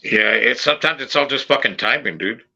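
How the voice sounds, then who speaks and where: Bright, animated man telling a story. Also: medium pitch, fairly quick, creaky, husky, low-quality recording. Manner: animated storyteller, acts out voices, swears a lot. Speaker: podcast host. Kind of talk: casual storytelling chat.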